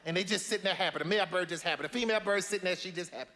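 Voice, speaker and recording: Brassy elderly grandma played by a man, high and bright, sassy folksy drawl, echoey hall. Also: racing. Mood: sassy lecturing. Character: brassy elderly Southern grandmother, blunt and preachy. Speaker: advice-giving matriarch. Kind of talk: film comedy-drama acting.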